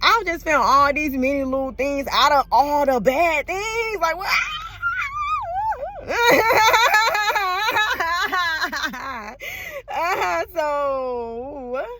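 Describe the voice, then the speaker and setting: A woman's voice: sits high, lively intonation, takes it slowly, very noisy. Woman vlogger, raw, swearing freely, close to tears. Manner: emotional, swings between laughing and crying; blunt and profane, heavy slang. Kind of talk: casual personal vlog talk.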